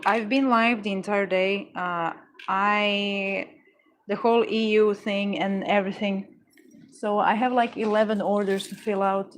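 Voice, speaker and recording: A woman running a casual art livestream, chatting with viewers in a rambling, playful way with deadpan jokes. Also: medium pitch, background noise. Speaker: livestream artist. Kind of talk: casual livestream chat reading comments.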